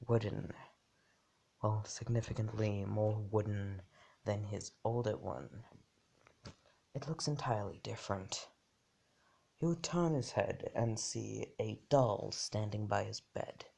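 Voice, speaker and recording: A man's voice: lowish voice, slow, creaky, pauses often, dark tone, a little hiss or hum. A man improvising a fan story, rambling and correcting himself, often dropping to a half-whisper.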